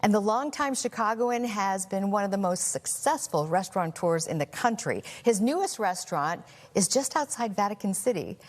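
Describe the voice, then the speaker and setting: A woman's voice: medium pitch, lively intonation, normal speed. A woman anchoring in a television news studio, introducing a segment with a polished, light delivery. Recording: reverberant studio sound.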